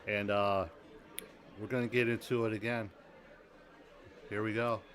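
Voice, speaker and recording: A man narrating a relaxed, rambling recap between old podcast clips. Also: fairly low pitch, unhurried.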